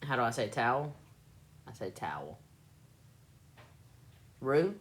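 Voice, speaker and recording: Slow-paced and rumbling low, her voice swings widely in pitch as she hosts a livestream. She's a South Carolina native with a Southern accent, casually chatting and playfully repeating words to try out her pronunciation.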